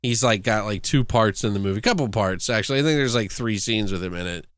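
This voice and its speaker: A man's voice: fairly low pitch, fast talker, a bit bright, smooth, no echo. A man casually recapping a horror movie plot on a podcast, animatedly acting out the characters' lines as he goes. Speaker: podcast co-host. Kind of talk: casual movie review chat.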